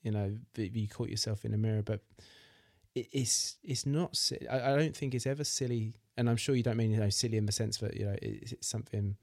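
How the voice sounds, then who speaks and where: Low, mellow-voiced male podcast host. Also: steady tone, brisk, no echo, studio quality. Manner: supportive, repeats words as he thinks. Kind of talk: casual interview chat.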